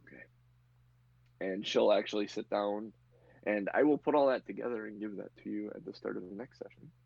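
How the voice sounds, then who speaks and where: A man hosts and narrates a tabletop game as game master, talking loosely with many fillers. His voice sits low with a husky, gravelly texture. The recording sounds muffled and lo-fi. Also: fairly quick, no room sound. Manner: filler-heavy, laughs often. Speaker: game master and podcast host.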